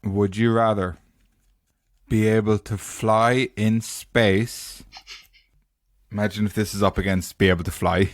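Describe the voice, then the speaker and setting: A man's voice: fairly low pitch, fairly even intonation, unhurried, long pauses, no room sound. A man hosting a casual podcast chat, teasing his friends and steering them back to the questions. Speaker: podcast host.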